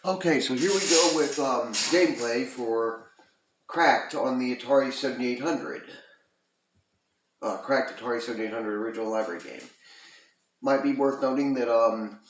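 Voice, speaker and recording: A man's voice: medium pitch, moderate pace, slight background noise. A man casually reviewing a retro video game, rambling with lots of ums and uhs. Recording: roomy echo.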